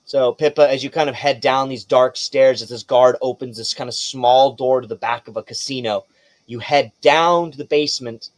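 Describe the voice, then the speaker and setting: A man narrates a tabletop game as game master, telling the story in a casual, vivid way. His voice sits at a middle pitch and sounds close and dry. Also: fairly even intonation, normal speed, dry recording.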